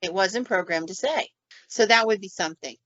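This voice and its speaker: A woman, a paranormal investigator, telling stories in a casual podcast chat and acting out sounds and quotes with lively flair. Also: mid-range voice, fairly quick, dry recording. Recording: dull, dry lo-fi recording.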